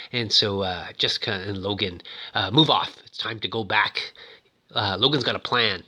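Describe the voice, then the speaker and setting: A man's voice: fairly low pitch, normal speed, sharp tone. A man casually recapping a film, rambling and chatty, and acting out the characters' lines as he goes. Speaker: movie recap host.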